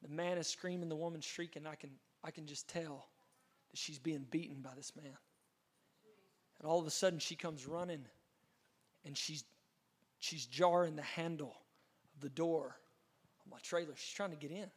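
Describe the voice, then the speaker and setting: A man's voice: fairly high pitch, fairly even intonation, normal speed, pauses often, slightly rough. A man, a pastor telling an earnest, dramatic testimony in a sermon, with frequent restarts. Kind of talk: storytelling sermon.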